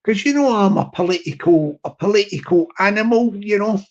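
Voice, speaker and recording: A man chatting casually to his viewers as a streamer, rambling and halting with many restarts. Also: sits high, dull audio.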